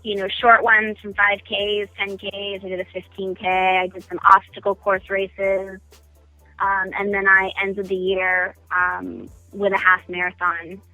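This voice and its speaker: A woman's voice: mid-range voice, completely flat delivery, unhurried, bright, forceful tone, dry recording, muffled recording, faint music behind. A woman guest chatting casually in a phone-in radio interview, self-deprecating and full of ums. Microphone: phone call.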